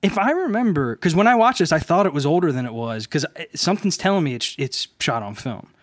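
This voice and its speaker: A man co-hosting a film podcast in casual chat, joking and swearing with quick laughs. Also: on the high side, lively intonation, no room sound, studio quality. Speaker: podcast co-host.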